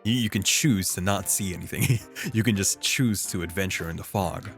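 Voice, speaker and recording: A man streaming a game, talking casually in an animated, rambling way with restarts. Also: low-pitched, normal speed, gravelly, soft background music. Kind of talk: casual gameplay commentary.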